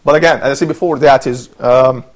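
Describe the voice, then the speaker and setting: A man's voice: mid-range voice, steady tone, a little fast. A man presenting and teaching a lesson, patient and encouraging, who often repeats his phrases.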